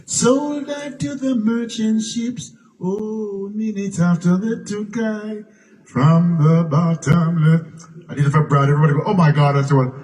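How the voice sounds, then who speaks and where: An older Jamaican man with a mid-range, slightly mellow voice tells stories as a guest musician at a public Q&A in a museum event room before a live audience. He repeats and restarts words and breaks into song, picked up by a distant mic with faint room noise.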